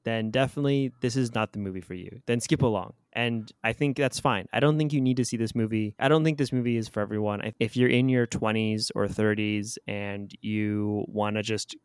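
A man's voice: on the low side, a little fast, hardly any pauses, clean tone, dry recording. A man in his twenties co-hosting a movie review podcast, chatting casually and rambling through food analogies. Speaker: podcast co-host. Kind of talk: casual chat.

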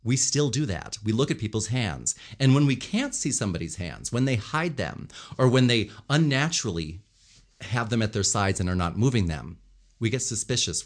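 A man's voice: fairly low pitch, moderate pace. A man talking as a communication coach, explaining body language and vocal melody and acting out different tones as examples. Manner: animated, demonstrates tones and gestures while explaining. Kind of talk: instructional commentary on speaking.

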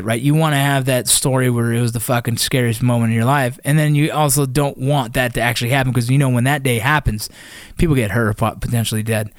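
A man's voice: mid-range voice, no echo, clean studio sound. A young man, a former Army Ranger, casually telling rambling, profane stories from his training. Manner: profane, rambling, frequent restarts. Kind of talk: casual war storytelling.

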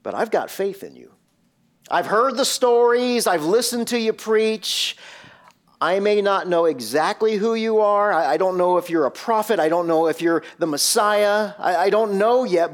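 Man doing a desperate grieving father, earnest and pleading, slow and a bit high. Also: expressive.

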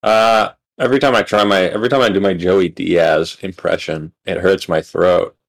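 A man's voice: sits low, fairly even intonation, moderate pace, vocal fry, rough recording. A man co-hosting a podcast in casual chat, joking dryly and wisecracking. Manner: dry, wisecracking. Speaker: podcast co-host.

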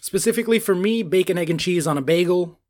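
Animated New man, casual chat. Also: sits high, quick pace. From New York. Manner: animated, laughing, swears freely.

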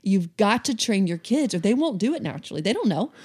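A woman's voice: medium pitch, very animated, quick pace, darkish tone, breathy edge. A woman co-hosting, a mother speaking earnestly about raising children in casual chat. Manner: earnest, advising. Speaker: podcast co-host, mother.

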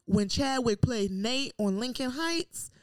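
A woman co-hosting a casual chat show, animated and sassy with quick comebacks. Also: fairly high pitch, a crowd in the background. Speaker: podcast co-host.

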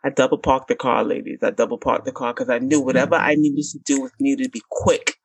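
A woman's voice: a bass voice, fast, a little hiss or hum. A woman in her thirties telling a dramatic story in casual chat, acting out the people in it. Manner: animated, dramatic, acts out voices.

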